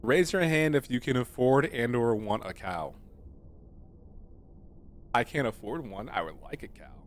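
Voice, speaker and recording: Guy streaming a game, jokey and rambly, voice all over the place, mid pitch. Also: expressive, measured pace. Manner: joking, chatty, playfully rambling. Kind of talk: casual let's-play commentary.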